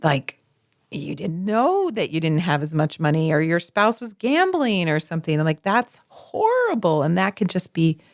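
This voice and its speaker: A woman's voice: on the low side, big pitch swings, normal speed, dry recording, clean studio sound. A woman co-hosting a podcast, talking expressively in casual chat and acting out little quotes. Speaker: podcast co-host.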